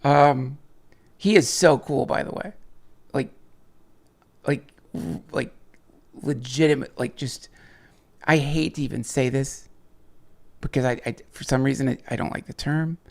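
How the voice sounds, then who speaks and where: A man's voice: mid-range voice, a little slow, gravelly, pauses often. A man hosting a livestream, rambling casually and profanely with lots of restarts and chuckles while reading viewer chats.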